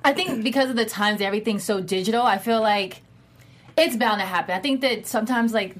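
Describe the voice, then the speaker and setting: A woman's voice: on the high side, a little fast. A woman co-hosting a casual group chat about a TV show, chatty, thinking aloud and exclaiming as she goes. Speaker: podcast co-host.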